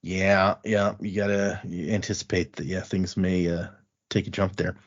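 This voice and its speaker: A man hosting a podcast, casually walking through a book's chapters in an animated retelling. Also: low-pitched, moderate pace. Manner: animated retelling, acting out quotes in passing. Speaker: podcast host recapping a book. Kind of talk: casual chat. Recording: dull lo-fi podcast audio.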